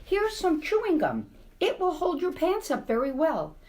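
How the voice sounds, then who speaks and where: Kindly little mouse children, voiced by a woman in a bright, lively storybook tone. The voice jumps high and eager. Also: moderate pace, a little hiss or hum.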